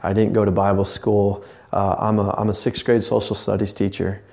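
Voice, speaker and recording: A man's voice: lowish voice, level tone, normal speed, vocal fry, warm tone. A man, a lay pastor, preaching a passionate, earnest podcast sermon that rambles with restarts. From Indiana, USA.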